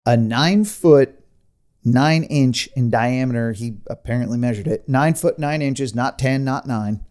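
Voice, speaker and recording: A man hosting a podcast, spinning a creepy tale in loose, conversational storytelling. His voice sits at an ordinary middle pitch. He laughs often and drifts into rambling asides. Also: a little slow, a little mellow. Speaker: podcast host. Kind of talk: casual storytelling chat.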